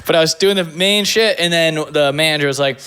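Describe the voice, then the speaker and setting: Male comic guest, slightly higher voice, quick supportive jokes in a relaxed chat. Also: clean tone. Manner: joking, chiming in with quick quips. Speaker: comedian guest. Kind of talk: casual chat.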